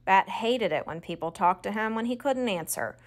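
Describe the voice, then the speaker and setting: A woman narrating a children's audiobook in a clear, expressive storytelling voice. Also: medium pitch, moderate pace.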